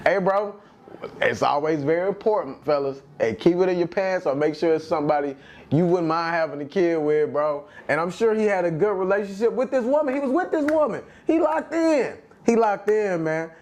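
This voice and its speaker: A man's voice: high-pitched, expressive, normal speed, a little mellow. A man hosting a show who reacts to clips in casual talk, laughing often and calling out to listeners as fellas.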